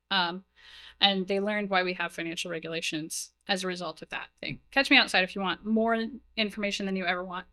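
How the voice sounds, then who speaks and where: A woman's voice: mid-range voice, sharp tone, smooth, dry recording. A young adult woman giving a casual technical talk at a conference, chatty and self-deprecating, full of "like" and "um" fillers. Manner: chatty, heavy use of "like" and "um", self-deprecating asides. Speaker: conference speaker. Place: conference room, live talk. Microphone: stage mic, moves away while walking to slides.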